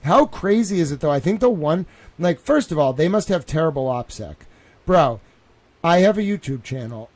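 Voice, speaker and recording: Excitable man rambling on a live stream. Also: fairly high pitch, normal speed. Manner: excitable, repeats himself, says "bro" and "like" a lot. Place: at home.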